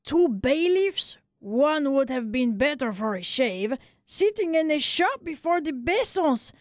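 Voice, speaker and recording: A woman reading a children's radio drama aloud in a studio, telling the story slowly with voiced asides. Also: high-pitched, big pitch swings, no echo. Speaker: narrator.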